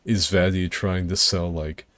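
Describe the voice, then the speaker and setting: A man's voice: low-pitched, little pitch movement, a little slow, a bit bright, dry recording. A man streaming a co-op game with friends, rambling in a laid-back way, swearing freely and laughing often. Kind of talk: casual gaming chat.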